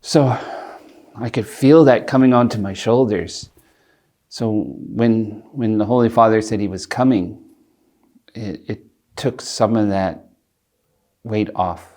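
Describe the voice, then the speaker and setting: Middle-aged man with a lowish voice, an earnest and reflective interviewee who speaks haltingly. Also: a little mellow. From Alberta, Canada. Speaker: interviewee, community leader. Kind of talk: personal storytelling interview.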